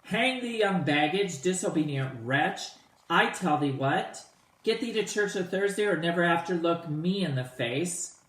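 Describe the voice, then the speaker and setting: A man's voice: fairly high pitch, unhurried, lightly acted. A man reading the lines of a furious, domineering noble father, raising his voice to threaten, in an echoey room. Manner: shouting, threatening.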